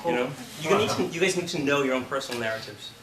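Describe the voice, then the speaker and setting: A man teaching an acting class, talking casually and telling lively stories with the odd curse. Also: medium pitch, quick pace, a crowd in the background. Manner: chatty, animated storytelling with profanity. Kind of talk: classroom lecture with anecdotes. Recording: roomy classroom from a distance.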